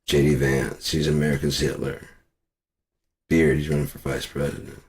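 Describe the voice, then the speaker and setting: A man ranting angrily to camera, swearing constantly and breaking into shouts. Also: a bass voice, level tone, moderate pace. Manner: profane and furious, shouting at times. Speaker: vlogger. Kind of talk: angry political rant.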